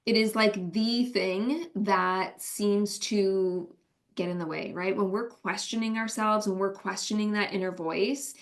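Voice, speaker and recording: A woman's voice: medium pitch, fairly even intonation, unhurried. Middle-aged woman, business coach, earnest and reflective, keeps asking "right?" as she answers. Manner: earnest, often asks "right?".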